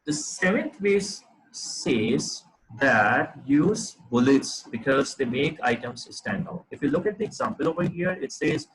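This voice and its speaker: A man's voice: a little high, lively intonation, unhurried, low-quality recording. Man teaching a writing lesson. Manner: explanatory, with frequent fillers and restarts. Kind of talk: lecture on writing.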